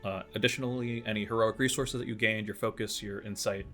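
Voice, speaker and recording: A man's voice: lowish voice, steady tone, fast talker, fairly bright tone, soft background music. A man running a tabletop game as game master, explaining rules and narrating with many fillers and restarts.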